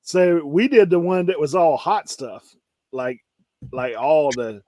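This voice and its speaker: A man's voice: fairly high pitch, animated, takes it slowly, dark tone, dry recording. Laid-back man telling stories. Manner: laid-back rambling storyteller, laughs often. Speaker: co-host reseller. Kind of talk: casual storytelling chat.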